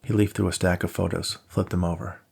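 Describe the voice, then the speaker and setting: A man reading his own novel aloud as audiobook narration, steady and measured. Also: sits low, gravelly, breathy edge.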